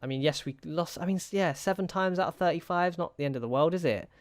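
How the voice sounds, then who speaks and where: A man's voice: a little high, quick pace, dry recording. A young man giving casual, anxious commentary over a football management game, pleading with his players and muttering to himself. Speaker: gaming YouTuber.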